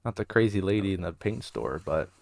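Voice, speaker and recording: A man's voice: low-pitched, animated, a little fast, gravelly, dry recording. A young man co-hosting a podcast, talking in an easygoing, laid-back casual chat. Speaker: podcast co-host.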